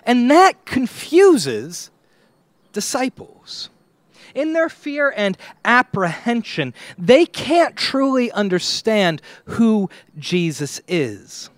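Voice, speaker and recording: A man preaching a sermon to his church, slow and dramatic, with long pauses and swings between loud and quiet. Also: very high-pitched, very animated, no echo. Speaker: pastor.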